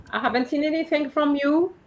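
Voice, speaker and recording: A high-pitched woman teaches French in a live online class, patiently working through her students' letters and correcting each one over a video call. The recording is low quality, with slight background noise.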